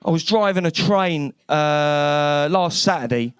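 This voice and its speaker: A man from East London with a London accent performs a stand-up comedy set on a club stage. His voice sits notably high for a man, and his delivery is brash and cheeky, full of swearing. He talks into a handheld stage mic. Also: takes it slowly, smooth, dry recording.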